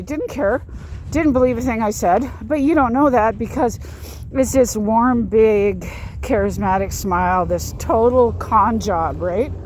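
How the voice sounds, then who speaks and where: A woman's voice: fairly high pitch, a little mellow, a little hiss or hum. A woman vlogger recounting a personal experience in an emphatic, repetitive way, often restarting her sentences. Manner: emphatic, repeats herself, frequent restarts. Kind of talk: casual storytelling to camera.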